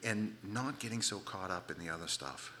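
Middle-aged male preacher, bright and animated, sarcastic asides. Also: sits low, moderate pace. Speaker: pastor. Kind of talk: sermon.

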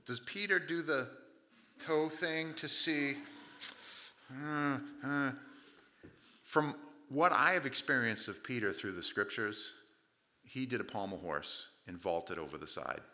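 A man's voice: medium pitch, a little slow, bright, forceful tone. A man preaching a sermon in a conversational, humorous way, acting out the voices of the people in his story and often restarting his sentences.

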